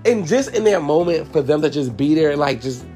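A man's voice: on the high side, animated, normal speed, mellow, soft background music. A man hosting a podcast, telling a personal story in a candid, profane, casual way and talking straight to his listeners. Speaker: podcast host and hairstylist.

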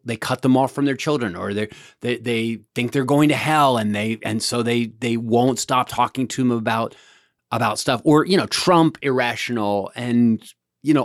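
A man's voice: fairly low pitch, no echo, studio quality. A man hosting a podcast, telling a story in a casual monologue, with many restarts and repeated words. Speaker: podcast host.

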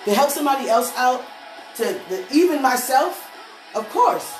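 A woman preacher giving a lively, storytelling testimony, laughing often as she speaks. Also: sits high, moderate pace. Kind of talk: church testimony sermon. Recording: echoey room with faint music.

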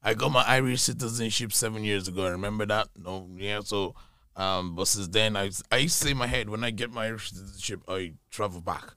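A man from Nigeria telling stories in a casual podcast chat, animated and laughing often. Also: lowish voice, a little fast, no echo, studio quality. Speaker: guest comedian.

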